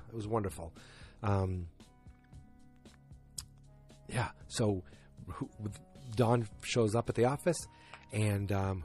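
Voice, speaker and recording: A man's voice: medium pitch, a little mellow. A man hosting a podcast, recapping a TV episode in a casual, rambling and enthusiastic way. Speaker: podcast host.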